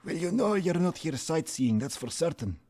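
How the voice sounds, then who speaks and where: A man's voice: on the high side, very animated, normal speed, a little mellow, voice pushed up. A man voicing a drunk old man in a desert tavern who rambles theatrically and begs for beer. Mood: grand, knowing. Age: older.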